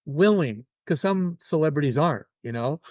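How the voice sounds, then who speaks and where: Older man, interview guest, fairly high voice, animated storyteller, dry close sound. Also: moderate pace, no room sound. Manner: animated, acts out quoted voices. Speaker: guest musician.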